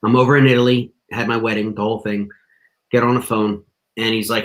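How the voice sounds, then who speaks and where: A man's voice: fairly low pitch, flat delivery, brisk. A man talking as a podcast guest, telling a story in a casual, slangy way full of "you know" and "dude".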